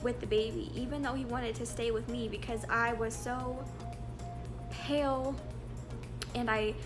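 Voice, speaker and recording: A woman's voice: a little high, steady tone, measured pace, over music. A woman in her twenties, a young mother candidly telling her birth story to camera in a chatty, rambling way. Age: 20s. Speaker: vlogger and mother.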